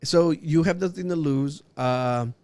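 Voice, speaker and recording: Young man, podcast co-host, casual rambling chat, slightly higher voice, laughs often. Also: measured pace, darkish tone.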